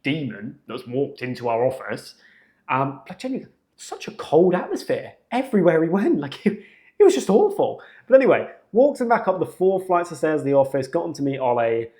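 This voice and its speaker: A young man, hosting a podcast and telling a story in a casual, animated, slangy way. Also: fairly high pitch. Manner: animated, slangy, jumps into acted quotes. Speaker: podcast host.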